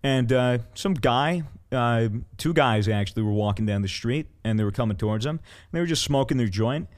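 A man's voice: medium pitch, animated, normal speed. A young man telling stories in casual chat, rambling with fillers, swearing freely and acting out what others said. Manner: acts out quoted people in raised voices. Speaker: podcast co-host.

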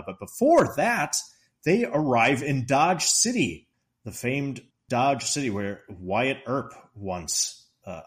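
A man co-hosting a podcast, casually retelling movie scenes in an animated way, laughing often and quoting the characters in a raised voice. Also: on the low side. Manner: laughs often while talking. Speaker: podcast co-host discussing a movie.

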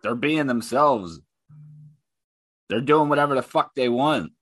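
A man's voice: medium pitch, animated, unhurried, fairly bright tone, no room sound. A man hosting his own podcast and ranting about online comments, heated, profane and mocking. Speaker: podcast host.

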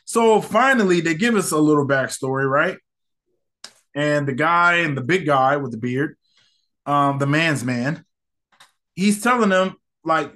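A man's voice: on the high side, expressive, a little slow, pauses often, sharp tone. A man hosting a podcast, giving a casual, slangy movie review and acting out characters' lines.

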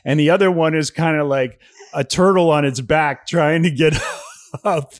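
A man's voice: on the high side, moderate pace, no room sound, studio quality. A man co-hosting a podcast, telling a story in casual chat and acting out what others said. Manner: animated storyteller, acts out others' lines. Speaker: podcast co-host.

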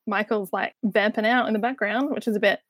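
A woman's voice: mid-range voice, fairly even intonation, fairly quick, a bit bright, dry recording, studio quality. A woman talking about a film in a casual podcast chat, filling her sentences with "like" and "you know.". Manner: chatty, lots of "like" and "you know".

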